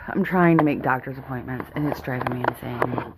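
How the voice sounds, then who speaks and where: A woman's voice: very deep voice, normal speed, few pauses, background noise. A young woman, a mother vlogging at home, rambling nervously and laughing often. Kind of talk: casual rambling chat. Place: home, indoors.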